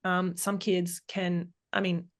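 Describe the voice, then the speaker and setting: A woman with a slightly low voice talks as an expert guest on a podcast. She explains her points thoughtfully, often restarting her sentences and using fillers as she searches for the right words. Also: flat delivery, takes it slowly. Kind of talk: casual interview chat.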